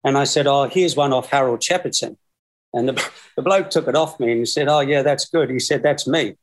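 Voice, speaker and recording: With a mid-range voice and brisk delivery, an Australian man in his sixties tells rambling stories as a guest on a video call. He keeps it casual and chuckles through them.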